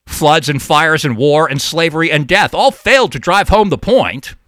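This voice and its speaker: Man, call-in radio host, rambling monologue, lively swooping pitch, stammers and restarts. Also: moderate pace, no echo, studio quality. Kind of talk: casual talk radio monologue.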